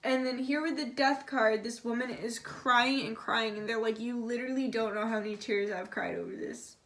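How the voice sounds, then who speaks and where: A young woman with a slightly high voice talks through a tarot spread in a loose, chatty way. She relays messages in a soft, confiding tone and drops casual swears as she goes. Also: steady tone, moderate pace, slight background noise. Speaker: tarot reader. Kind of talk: casual channeled tarot reading.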